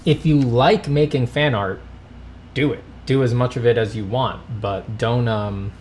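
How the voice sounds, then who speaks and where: A man's voice: medium pitch, a little slow, darkish tone, a little hiss or hum. Dry-humored man chatting on a livestream. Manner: dry, self-mocking humor. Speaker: artist hosting a livestream Q&A. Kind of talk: casual livestream chat, reading donations.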